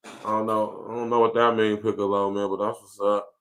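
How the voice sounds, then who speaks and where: A man's voice: lowish voice, little pitch movement, fairly quick, a bit bright. A man hosting a podcast, ranting in a casual, profane way, laughing often and reading viewer comments aloud. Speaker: podcast host. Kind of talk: casual livestream rant.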